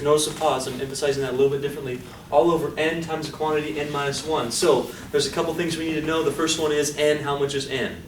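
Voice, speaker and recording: A man lectures on statistics at a quick clip, barely pausing, his voice on the high side. Upbeat, he quizzes students and coaxes answers from them. The sound is echoey and noisy, recorded from a distant mic.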